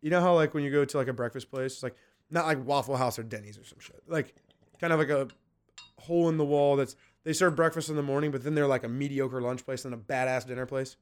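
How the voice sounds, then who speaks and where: A man's voice: medium pitch, fast, clean tone. A man co-hosting a podcast, chatting casually and crudely, joking and telling stories, from Florida. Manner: crude, joking storyteller, mimics voices. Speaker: podcast co-host. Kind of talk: casual chat.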